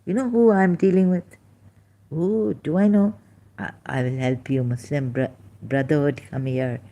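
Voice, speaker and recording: Woman, online commentator: unhurried, halting, deep and mellow in tone. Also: steady tone. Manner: rambling, halting, with many restarts and rhetorical questions. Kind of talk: informal critical commentary monologue.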